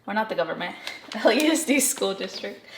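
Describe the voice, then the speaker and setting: Fairly quick and expressive, this medium-pitched young woman chats and rambles while cooking for her casual home vlog, with self-deprecating asides. There's a little hiss or hum, and the echoey kitchen is filled with loud frying sizzle and stirring.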